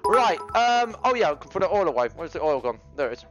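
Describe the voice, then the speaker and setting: A man livestreaming while he cooks, brash and rambling, his voice swinging to loud animated bursts. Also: on the high side, quick pace, soft background music. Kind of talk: casual cooking livestream chat. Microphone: GoPro camera mic.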